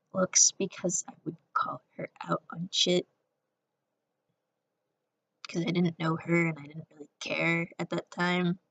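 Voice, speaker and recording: A woman's voice: on the low side, vocal fry. A young woman casually telling a rambling storytime, sarcastic, often acting out quotes in a raised voice. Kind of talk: casual storytime over a speedpaint.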